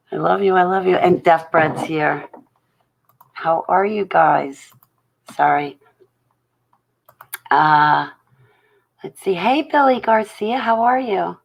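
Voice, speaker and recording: Slow, low, gravelly-voiced woman livestreaming. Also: dull audio. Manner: greets chat viewers one by one, affectionate. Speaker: livestream host. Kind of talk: casual livestream chat. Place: at home at night.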